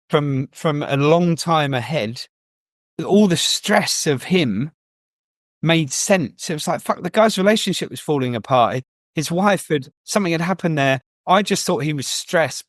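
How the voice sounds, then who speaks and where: A man's voice: fairly high pitch, no echo, studio quality. Reflective man telling a family story. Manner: reflective, storytelling with many restarts. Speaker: guest. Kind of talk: candid personal interview talk.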